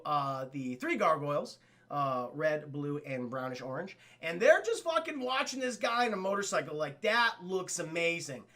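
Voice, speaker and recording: Bright, lively male streamer recapping. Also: high voice, creaky. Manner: animated retelling, acts out characters' lines, swears, addresses chat. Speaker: streamer reviewing a cartoon. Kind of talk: casual livestream recap.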